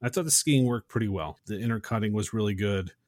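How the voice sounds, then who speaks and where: Man, low voice, dry close sound, casual rambling film chat. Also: quick pace, a little mellow, no echo. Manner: rambling, chatty, acts out quotes. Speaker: podcast co-host. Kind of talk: casual movie scene retelling.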